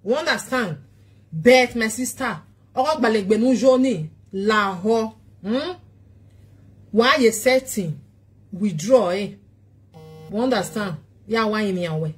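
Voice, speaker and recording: Husky Nigerian woman pleading. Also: medium pitch, slow, long pauses. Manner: pleading, repeats short questions. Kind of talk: casual pleading monologue.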